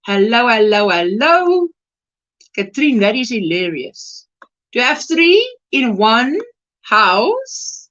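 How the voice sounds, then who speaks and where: Slow, bright-voiced woman. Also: on the high side, big pitch swings, muffled recording. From South Africa. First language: Afrikaans. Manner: chatty, laughs often, greets viewers warmly. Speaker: livestream host. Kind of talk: casual livestream chat.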